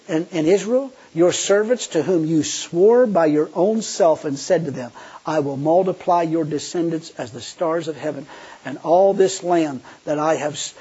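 A man's voice: high voice, a little mellow, husky, highs cut off. A male preacher giving a folksy sermon, talking colloquially and acting out the pleas he quotes. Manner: colloquial, laughs at own jokes, acts out quoted pleas.

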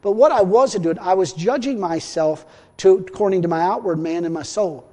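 A man preaching a sermon in a folksy way, repeating himself and swinging between loud and hushed. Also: high-pitched, moderate pace. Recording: long hall reverb.

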